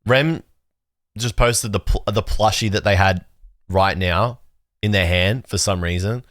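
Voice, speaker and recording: A man hosting a livestream, chatting casually with his viewers in a rambling, excitable way and swearing freely. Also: on the low side, a little slow, dry recording, studio quality. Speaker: livestream host. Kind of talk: casual chat reacting to chat.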